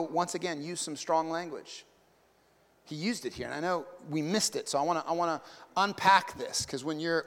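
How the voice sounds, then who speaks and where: High-voiced pastor preaching in a reverberant hall. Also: male voice. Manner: animated, swinging between loud emphatic peaks and hushed asides; conversational, with repeated words and casual slang. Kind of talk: sermon.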